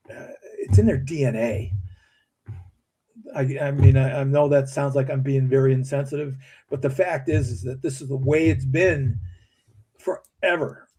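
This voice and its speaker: Man, somewhat high voice, mellow tone, blunt, opinionated, casual talk. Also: slightly rough. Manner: blunt, opinionated, repeats words when restarting. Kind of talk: casual discussion.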